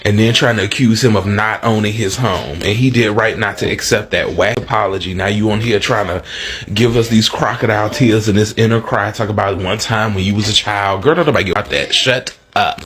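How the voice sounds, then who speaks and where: A man's voice: lowish voice, fairly quick, a bit bright. A man giving a casual reaction rant online in a sassy, scolding tone. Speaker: social media commentator.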